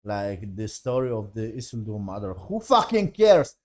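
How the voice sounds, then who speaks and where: Exasperated and profane, a TV show reviewer rambles casually through an episode with lots of fillers. He has a lowish, darkish voice with big pitch swings, delivered at a moderate pace.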